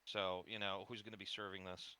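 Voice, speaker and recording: Man, tabletop player, low pitch, very bright, animated, joking. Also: brisk, clear, resonant tone, dry recording. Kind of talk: casual tabletop play.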